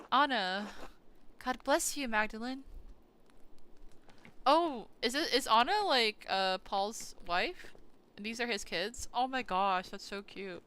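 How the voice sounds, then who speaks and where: A woman's voice: on the high side, slow pace, long pauses, pushed and bright, clear, resonant tone. A woman streaming a game in casual chat, thinking aloud, asking her chat questions and gushing over cute things. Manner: gushing and easily delighted. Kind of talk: casual gameplay commentary.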